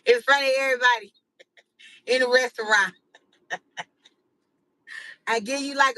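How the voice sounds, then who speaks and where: A woman's voice: on the high side, unhurried, long pauses, bright, forceful tone, dry recording, low-quality recording. A woman hosting her channel, chatting casually with live viewers in a slangy, rambling way full of "like" and "you know.". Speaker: channel host.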